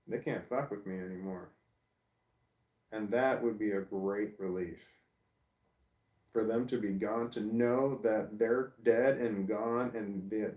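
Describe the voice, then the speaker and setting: A man's voice: medium pitch, a little mellow. A middle-aged man venting bluntly and profanely in a personal video rant, repeating himself as he goes. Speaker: vlogger. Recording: echoey room, distant from mic.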